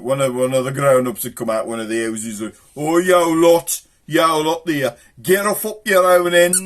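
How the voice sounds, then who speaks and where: A man's voice: medium pitch, slight background noise. An older man rambling through jokes and stories in a chatty, self-amused way. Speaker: joke teller. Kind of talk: casual storytelling monologue.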